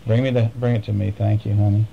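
A father reading a bedtime storybook to his children at home, chatting gently and coaxing them with questions. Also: fairly low pitch, flat delivery, quick pace, vocal fry, phone-quality sound, a little hiss or hum.

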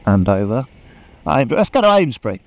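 A man chatting excitedly to a helmet camera while riding a motorbike, laughing often. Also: medium pitch, brisk, slight background noise, rough recording. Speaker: motorcycle vlogger. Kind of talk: casual chat while riding. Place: on a motorbike on open country roads. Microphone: helmet-mounted action camera.

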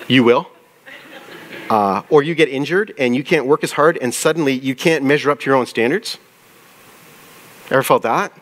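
In a medium-pitched voice, a pastor gives a conversational sermon. Questions to the audience come often, and he takes his time reading scripture aloud.

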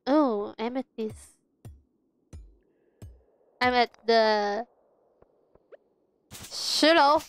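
A woman's voice: on the high side, drawn-out words, long pauses, clear, resonant tone, faint music behind. Giggly young woman gaming streamer. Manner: giggly, playful, mixes in Chinese words. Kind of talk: casual gaming chat.

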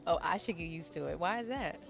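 A woman's voice: on the low side, animated, fast talker, vocal fry. An actress playing a confident young woman shop owner on a date in a video game cutscene, teasing and playful. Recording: music playing behind.

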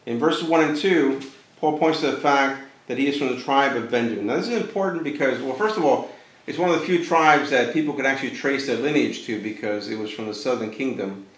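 A man teaching a conversational Bible lesson as a pastor, animated and acting out quotes with sudden jumps in his voice. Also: medium pitch, a little fast, roomy sound, low-quality recording. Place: church.

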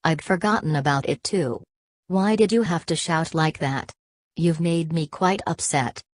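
A woman's voice: low voice, measured pace. Woman reading as a tired, frightened young lodger. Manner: weary, hushed.

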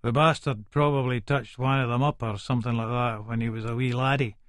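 A man's voice: medium pitch, steady tone, fairly quick, a bit bright, no room sound, studio quality, close to an everyday voice. A man doing a crude Scots pub drinker. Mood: gloating. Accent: Edinburgh Scots. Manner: crude, boastful. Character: crude middle-aged male pub drinker, gossiping.

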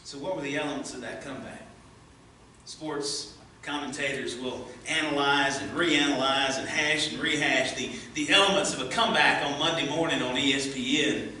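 A man preaching a sermon as pastor, earnest, rising as he reads scripture and hushed in prayer, recorded in a church sanctuary. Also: mid-range voice, moderate pace, far from the mic, a little hiss or hum. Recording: echoey church from afar.

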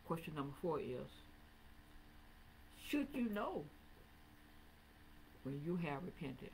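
Woman pastor, church sermon, slow measured pace, repetitive rising emphasis, faint background hiss. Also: deep voice, sing-song, darkish tone, poor audio. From Southern United States. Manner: preaching with swelling, sing-song emphasis and repetition. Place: church sanctuary, also streamed online.

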